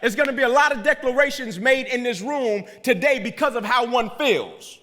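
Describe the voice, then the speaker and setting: Man, motivational keynote speaker, high bright voice, preacherly, echoing in a big hall. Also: fairly quick, hardly any pauses. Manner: preacherly, repeats lines for emphasis, asks "right?" of the crowd. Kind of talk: keynote speech. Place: large hall. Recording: hall reverb.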